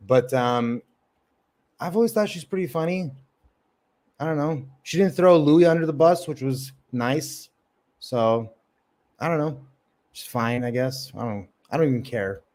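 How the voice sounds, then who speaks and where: A man's voice: medium pitch, measured pace, long pauses, a little mellow. Man, open mic comic, casual livestream host, rambling, cursing, lots of fillers. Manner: rambling, profane, filler-heavy.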